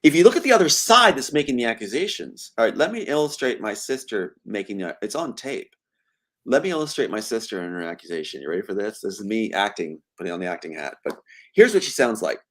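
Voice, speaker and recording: A man talking as a guest in an interview. His pitch swings widely as he tells stories with animated emphasis. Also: fast talker. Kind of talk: conversational interview.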